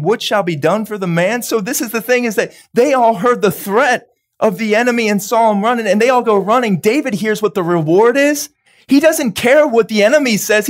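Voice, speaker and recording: A male pastor preaching a live sermon in an animated way, laughing often and briefly acting out bits of dialogue. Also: sits high.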